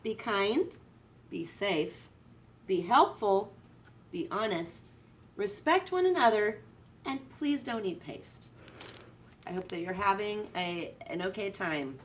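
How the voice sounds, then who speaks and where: A woman teacher reading a picture book aloud to her students, expressive and lively. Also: mid-range voice, slow pace, slight background noise. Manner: expressive read-aloud, voice rising for excitement. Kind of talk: storybook read-aloud to students. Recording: distant from the microphone.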